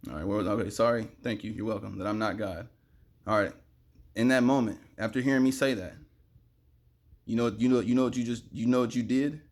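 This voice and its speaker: His voice on the low side, a young man addresses the camera in a quick, excited, rambling monologue on spiritual themes. He sweats in the heat and periodically breaks into loud outbursts.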